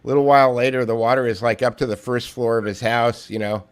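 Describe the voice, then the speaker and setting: A man as a podcast guest, chatting casually and telling a joke in a halting, rambling way full of restarts, heard over a remote call. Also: mid-range voice, fairly even intonation, smooth. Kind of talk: casual conversation with storytelling.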